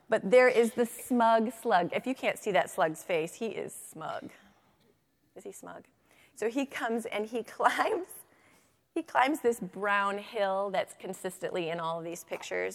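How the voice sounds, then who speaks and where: A woman giving a lively workshop to teachers, reading picture books aloud and checking in often with her audience. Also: mid-range voice, moderate pace, in a large hall. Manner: animated, chatty, checks in with "right?". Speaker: literacy workshop presenter for teachers.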